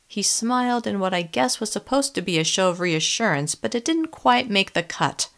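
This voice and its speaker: Woman, audiobook narrator, first person, expressive, lowish voice. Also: normal speed.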